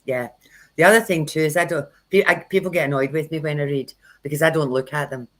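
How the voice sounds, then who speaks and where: This tarot reader and workshop host chats on her livestream, candid and casual, spinning stories and voicing other people's lines. She talks fast in a low voice, and the recording is rough.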